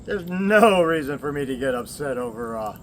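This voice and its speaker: A man's voice: medium pitch, animated, moderate pace, fairly bright tone, slight background noise. A man from the American Southwest, at least in his forties, talking candidly in a rambling personal vlog. He swears, laughs often and speaks in short bursts. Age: 40s or older. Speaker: vlogger.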